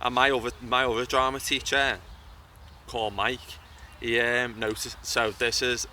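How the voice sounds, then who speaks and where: A medium-pitched, sharp voice with little pitch movement and a moderate pace belongs to a young man discussing acting in an outdoor interview by a bridge. The actor and YouTuber talks casually and keeps restarting his sentences. He's picked up from a distance amid faint outdoor noise.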